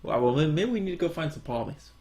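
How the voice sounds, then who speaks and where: A man's voice: fairly high pitch, expressive, fast talker, dark tone, slight background noise. A man co-hosting a casual podcast, joking in a laid-back, teasing way. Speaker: podcast co-host. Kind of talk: casual chat.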